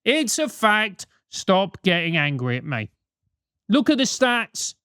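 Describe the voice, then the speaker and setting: A man's voice: high voice, big pitch swings, slow pace, sharp tone, clean tone, no room sound, clean studio sound. A British man hosting a comic advice show, talking bluntly with lots of swearing and mockery. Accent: British English. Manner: profane, blunt, mocking.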